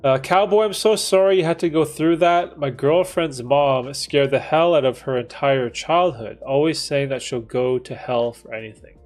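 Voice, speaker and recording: A man's voice: a little high, moderate pace, few pauses, a little mellow, soft background music. A man in his thirties hosting a livestream, reading chat and talking in a casual, laid-back way, with frequent dude and bro and some swearing. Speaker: livestream host answering chat.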